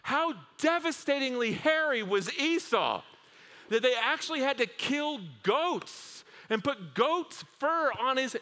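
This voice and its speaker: A man preaching a sermon to a congregation, telling the stories with humor and lively asides. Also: very high-pitched, takes it slowly. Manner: humorous, animated storytelling with acted asides. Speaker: pastor. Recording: long hall reverb.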